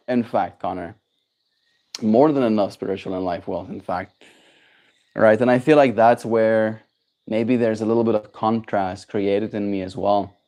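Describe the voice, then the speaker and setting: A young South African man with a South African accent, musing softly as he chats on a livestream, slow and soft-spoken. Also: fairly low pitch. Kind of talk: reflective livestream chat.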